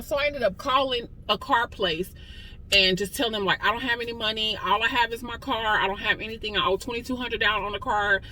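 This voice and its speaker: A woman's voice: on the high side, brisk, sharp tone, a little hiss or hum, rough recording. A woman in her forties giving an impassioned personal testimony, weary and close to tears, talking straight to listeners in a conversational way. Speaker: testimony speaker.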